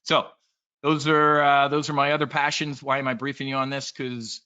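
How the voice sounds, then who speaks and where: A man giving an energetic, joking trading presentation and addressing the room directly. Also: mid-range voice, moderate pace, clean tone. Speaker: trading educator. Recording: dull lo-fi sound.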